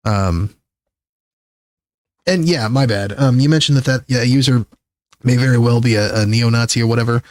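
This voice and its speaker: A man streaming live, ranting in rambling, profane commentary. He jumps from high outbursts to low mutters. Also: moderate pace, pauses often, no room sound. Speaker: livestreamer.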